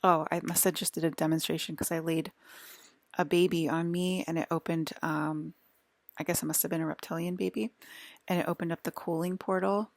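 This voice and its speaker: A woman vlogger talking in a rambling, halting monologue full of restarts and fillers, sometimes dropping to a whisper. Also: on the low side, flat delivery, vocal fry, dry recording.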